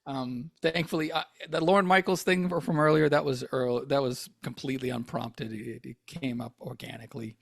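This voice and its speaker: A man's voice: medium pitch, steady tone, normal speed, vocal fry, few pauses, no echo, clean studio sound. A man co-hosting a comedy podcast, rambling in a self-mocking way full of fillers. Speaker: podcast co-host. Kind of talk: casual comedic chat.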